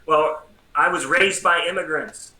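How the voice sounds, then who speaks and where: A middle-aged American man, a priest and psychology professor, tells his story as an interview guest with lively, self-deprecating humor. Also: on the high side, measured pace, over a noisy crowd. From United States. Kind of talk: personal testimony in a casual interview. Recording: roomy echo with faint background noise.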